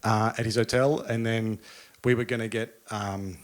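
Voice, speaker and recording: A man's voice: fairly low pitch, steady tone, moderate pace. An Australian man, a guest DJ in casual chat, telling a long story with many restarts and fillers.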